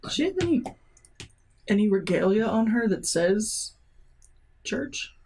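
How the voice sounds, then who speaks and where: A woman playing a tabletop role-playing game, asking questions and chatting. Her voice sits at a middle pitch and sounds casual and inquisitive. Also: animated, a little slow, a little mellow, slightly rough. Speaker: player.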